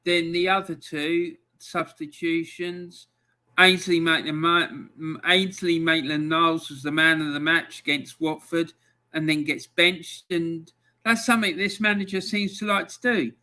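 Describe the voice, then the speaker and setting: A man's voice: a little high, steady tone, a little slow, pushed and bright. A man hosting a live football fan stream, ranting in angry exasperation about his team's loss. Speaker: fan channel host.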